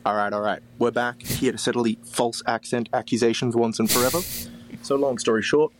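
A man's voice: mid-range voice, fairly even intonation, brisk, background noise. A man from Australia leaving a chatty, upbeat recorded voice message for a podcast. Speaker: listener sending a voice message.

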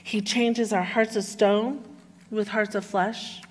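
A woman's voice: medium pitch, steady tone, slow. A woman preacher delivering an earnest sermon, reading scripture with emphasis and dropping to near-whispers to stress points. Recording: echoey hall with long reverb.

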